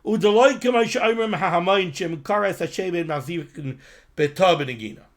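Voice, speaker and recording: A man's voice: sits high, moderate pace. A man teaching a Torah study lesson, reading Hebrew text in a lilting study chant and explaining it in English, addressing listeners directly. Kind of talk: Talmudic-style study lesson.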